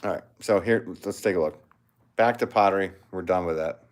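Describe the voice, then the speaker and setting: A man's voice: low voice, a little fast. A man, a potter, chatting casually on a livestream and greeting viewers by name in a rambling, easygoing way.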